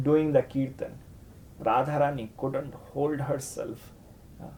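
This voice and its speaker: A man gives a devotional lecture in a somewhat high voice. He tells a story with animation, acts out the characters' lines and keeps tagging his sentences with "you know" and "huh?". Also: darkish tone, slight background noise. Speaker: spiritual teacher.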